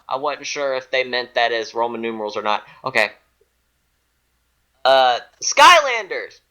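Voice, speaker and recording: A man's voice: mid-range voice, sharp tone, highs cut off. A man co-hosting a casual gaming podcast, reading off a list in a rising and falling singsong with frequent laughs. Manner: reads items in a rising-then-falling singsong, laughs often; giggly, self-mocking. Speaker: podcast co-host.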